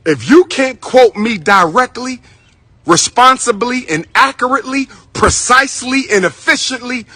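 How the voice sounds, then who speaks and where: High, bright husky man ranting bluntly. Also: animated, normal speed, dry recording. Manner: blunt, emphatic, repeats himself, addresses listeners as brothers and sisters. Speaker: commentator. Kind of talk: direct-to-camera rant.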